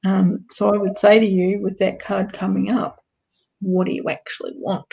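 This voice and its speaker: A woman's voice: medium pitch, level tone, moderate pace, gravelly, dark tone, muffled recording. A woman with a New Zealand accent giving card readings to viewers in a chatty, direct way, firing off rhetorical questions. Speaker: card reader. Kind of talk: live-stream card reading.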